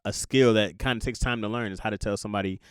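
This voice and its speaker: A young man hosting a podcast, talking through a casual confessional monologue in an animated, jokey way and laughing at himself. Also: on the low side, racing, clear, resonant tone, dry recording, studio quality. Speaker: podcast host.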